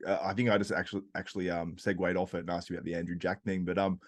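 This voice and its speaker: A man hosting a podcast, easygoing and quick to laugh, asking long rambling questions. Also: sits low, little pitch movement. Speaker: podcast host. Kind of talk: casual chat.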